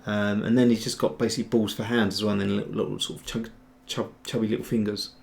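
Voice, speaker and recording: A man's voice: fairly low pitch, little pitch movement, fast talker, gravelly, darkish tone. A man hosting a casual livestream tutorial, rambling and chatty as he answers viewer chat while he works. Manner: rambling, chatty, trails off and restarts. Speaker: host, 3D sculptor.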